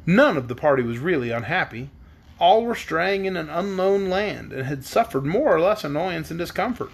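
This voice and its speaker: A man reads a children's storybook aloud at bedtime with a lively, expressive voice. His pitch is high and moves a lot. The tone is husky. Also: normal speed. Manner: expressive, voicing the characters. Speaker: reader.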